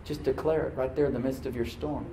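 A man preaches to his congregation in an easy, conversational way, now and then sinking into a soft, prayerful hush. His voice is mellow and a little distant from the mic. The roomy church echo carries every word, with a faint hum of ambience behind him. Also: medium pitch, steady tone, fast. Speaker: pastor. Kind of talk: sermon. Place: church sanctuary.

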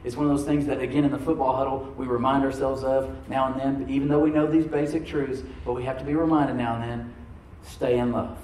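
A male pastor preaches a sermon to a congregation in a church, speaking loosely and conversationally and often asking "Amen?". His mid-range voice is brisk and a little mellow with little pitch movement, captured by a distant mic in an echoey room with slight background noise.

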